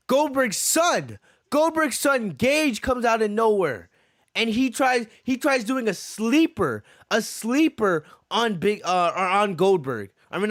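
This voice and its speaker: A man's voice: high-pitched, a bit bright, dry recording, clean studio sound. A man hosting a podcast, giving a heated, profane wrestling review that repeats its points. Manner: ranting, repeats himself, profane. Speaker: podcast host.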